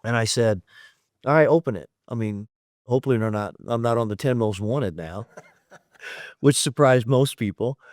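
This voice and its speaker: A man's voice: medium pitch, moderate pace, a little mellow, no room sound, studio quality. A man in his fifties, a podcast guest, telling his story in a candid, matter-of-fact way and acting out the dialogue as he goes. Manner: retells events by acting out quoted dialogue. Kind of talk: storytelling in a conversational interview.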